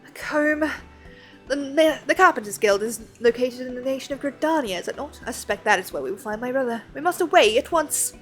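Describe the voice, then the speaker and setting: A woman's voice: sits high, lively intonation, a little fast, faint music behind, poor audio. A woman voicing an earnest young nobleman in an attempted French accent, speaking in a formal, old-fashioned way. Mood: resolute.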